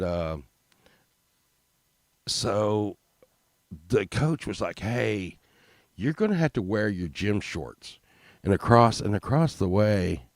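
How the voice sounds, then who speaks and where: A middle-aged man telling a crude comic story in a rambling, animated way, with many fillers. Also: low voice, dry recording.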